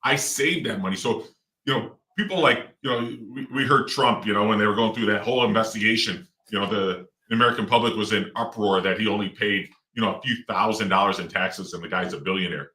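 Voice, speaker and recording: A man's voice: fairly low pitch, brisk, sharp tone. Middle-aged man rambling in an echoey room. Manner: rambling, with many fillers and restarts. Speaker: real estate investor guest. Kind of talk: casual interview talk. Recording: roomy echo, distant mic.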